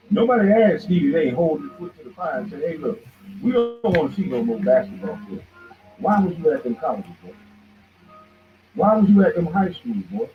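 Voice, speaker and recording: A man hosting a show, delivering a heated, confrontational ranting monologue that keeps jabbing at his target as "boy". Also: on the high side. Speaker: show host. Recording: tinny phone-like line with faint noise.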